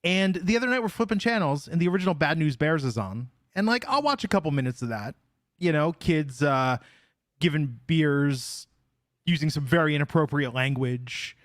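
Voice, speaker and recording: A man's voice: on the high side, animated, moderate pace, no room sound. A man hosting a podcast in casual chat, telling stories with wry, dry humor. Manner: wry storytelling, dry jokes. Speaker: podcast host.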